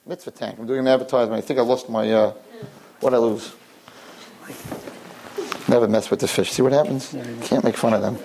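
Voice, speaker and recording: An older man, a rabbi, preaching a sermon through an animated story and often jumping into high, excited voices. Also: fairly quick, long pauses, a little hiss or hum.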